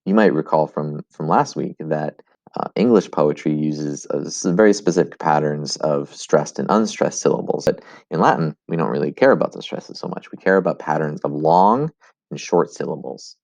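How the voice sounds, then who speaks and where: A man's voice: rumbling low, moderate pace, gravelly, a little mellow, no room sound. A man teaching Latin in a recorded video lesson. He explains step by step, with fillers and restarts. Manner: chants rhythms as "bum, bum".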